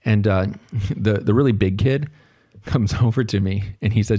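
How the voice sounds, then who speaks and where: A man's voice: lowish voice, moderate pace, mellow. A man hosting a podcast, telling a story in a casual, rambling way with many fillers and restarts. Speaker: podcast host; teacher or tutor.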